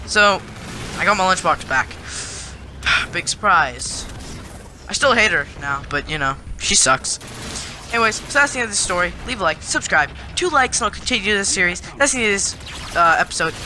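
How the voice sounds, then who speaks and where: A male vlogger telling a story to the camera in an animated, indignant way. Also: high-pitched, moderate pace, a little hiss or hum.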